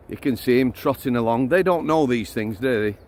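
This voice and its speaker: A middle-aged man, a former prison officer giving a blunt, ranting vlog while out walking his dog. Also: mid-range voice. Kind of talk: outdoor walking vlog rant.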